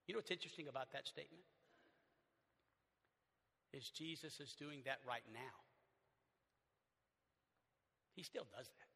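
A male pastor with a Southern accent preaching a sermon in a church, animated, swinging from loud to hushed. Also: high voice. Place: church sanctuary. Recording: long church reverb.

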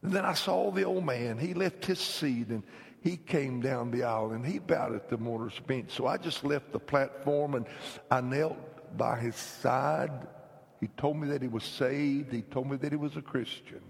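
A man from North Carolina, preaching an emphatic revival sermon that swings between loud, shouted lines and hushed whispers. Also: medium pitch, normal speed, creaky, in a large hall. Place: church sanctuary.

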